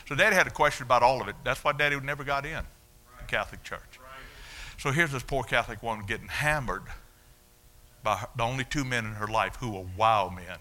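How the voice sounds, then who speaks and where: A man, preaching a sermon as a story of his own life, dropping low and then shouting out the punch lines. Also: fairly quick. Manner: storytelling, swings from hushed to shouting. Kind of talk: sermon testimony.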